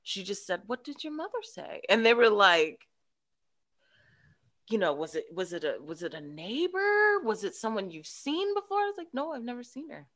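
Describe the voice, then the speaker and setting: With a medium-pitched voice at normal speed, this podcast guest tells a tale from her childhood during casual chat. She's animated, performing the different voices as the story unfolds.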